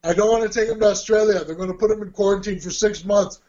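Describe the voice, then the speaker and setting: Man telling stories in a high voice. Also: fast. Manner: animated, acts out quoted dialogue. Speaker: guest telling a life story. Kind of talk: casual anecdotal storytelling. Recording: dull lo-fi audio.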